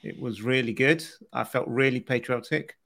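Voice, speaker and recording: A man's voice: medium pitch, moderate pace, gravelly, a bit bright. A British man co-hosting a podcast, chatting casually and joking with frequent laughs. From Britain. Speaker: podcast co-host.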